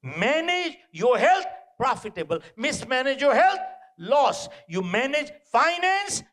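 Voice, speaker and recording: A man giving a live motivational talk to an audience, animated and punchy, repeating short phrases and throwing out rhetorical questions. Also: very high voice, takes it slowly. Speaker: motivational speaker. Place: indoor event venue.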